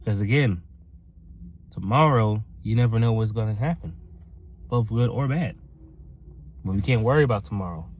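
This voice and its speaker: A man, a motivational vlogger, gives his viewers a rambling, earnest talk, addressing them as "ladies and gentlemen" and acting out other people's voices in his stories. His voice is fairly low, at normal speed with long pauses, and there's slight background noise.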